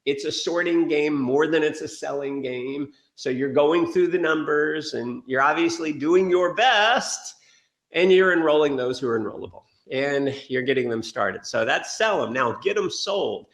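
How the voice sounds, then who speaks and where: Energetic man giving sales training. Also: a little high, normal speed, roomy sound. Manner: energetic storytelling with acted quotes. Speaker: motivational speaker.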